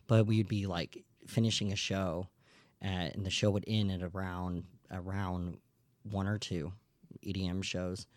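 A man's voice: low-pitched, a little mellow, no room sound. A young adult man hosting a podcast, telling a long story in a rambling, casual way, with lots of fillers and some swearing. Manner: rambling, many fillers and restarts, swears freely. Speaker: podcast host.

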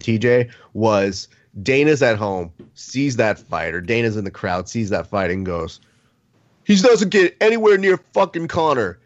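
A man hosting a sports podcast, leading the discussion in an expressive, playfully indignant way. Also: lowish voice, lo-fi sound. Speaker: podcast host. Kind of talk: casual sports talk.

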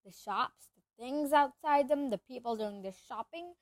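A woman's voice: high-pitched, a little slow, no room sound. A woman narrating a children's storybook aloud, reading steadily with the occasional slip and restart. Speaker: reader.

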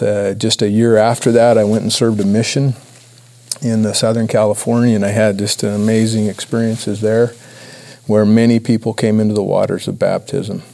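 A man giving a personal testimony talk to a church audience, earnest and halting with many restarts. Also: fairly low pitch, creaky, mellow. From Idaho, USA. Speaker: church speaker.

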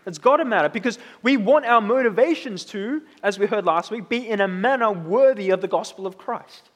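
A man in his thirties preaching a sermon in a relaxed, conversational way, often checking in with "right?". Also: high-pitched, a little fast, in a large hall. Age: 30s. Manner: conversational, tag questions like "right?".

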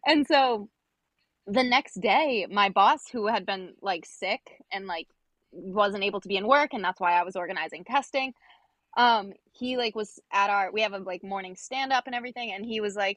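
A woman's voice: mid-range voice, normal speed, no echo. A young adult woman, a podcast guest, telling a workplace story in casual chat, acting out quoted dialogue with lots of fillers. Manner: animated, acts out quoted dialogue, many fillers.

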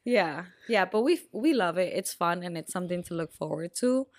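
A woman's voice: on the low side, animated, normal speed, no echo, clean studio sound. A young Puerto Rican woman, co-hosting a casual podcast chat with lots of ums. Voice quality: raspy. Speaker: podcast co-host.

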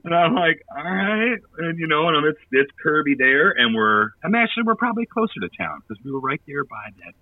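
Husky, animated man telling road stories. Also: a little high, fast talker, hardly any pauses, no room sound, distant mic, narrow, tinny audio. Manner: rambling anecdotes full of laughter and fillers. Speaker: touring band musician. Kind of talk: casual storytelling chat.

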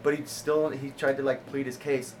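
A man of middle pitch tells a loose comedy story with plenty of filler words and frequent laughter. The recording carries a clear layer of background noise. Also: little pitch movement, normal speed, a little mellow, low-quality recording. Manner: rambling, laughs often, many "like" fillers. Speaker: comedian guest. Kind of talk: casual storytelling.

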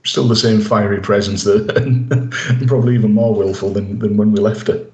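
A man with a very deep voice eagerly retells episode scenes on a podcast, acting out the lines he quotes. His voice carries a roomy echo from the space around him. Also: fairly even intonation, normal speed, darkish tone. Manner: enthusiastic retelling, acts out quoted dialogue. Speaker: podcast co-host. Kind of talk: casual chat recapping an episode. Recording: roomy echoey room.

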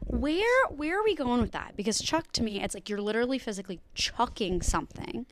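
A woman's voice: on the high side, lively intonation, brisk, a little hiss or hum. A young woman, co-hosting a casual news podcast with chatty, jokey asides. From United Kingdom. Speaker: podcast co-host.

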